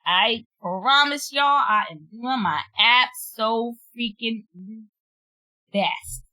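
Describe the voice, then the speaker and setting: Lady streamer, bright voice, slow and bouncy, keeps giggling at herself. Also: a little high, expressive. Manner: giggly, self-deprecating, drawls out French words. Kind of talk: casual chat while unboxing.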